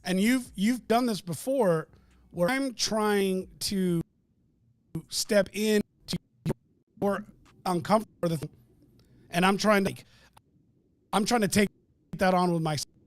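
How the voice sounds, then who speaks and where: A man co-hosting a podcast, talking in an earnest, reflective and halting way. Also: high-pitched, no echo. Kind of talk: casual podcast chat.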